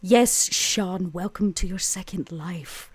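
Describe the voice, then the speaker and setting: A woman's voice: on the low side, slow, breathy edge, no echo. A woman playing a dry, blunt vampire mentor. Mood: teasing. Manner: dry, teasing, deadpan. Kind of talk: tabletop role-play in character.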